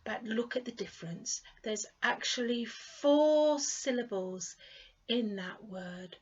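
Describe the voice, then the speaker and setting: A woman with a British accent teaching an English pronunciation lesson. She stretches out each model word clearly and patiently repeats words for the learner to copy. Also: a little high, lively intonation, takes it slowly, highs cut off.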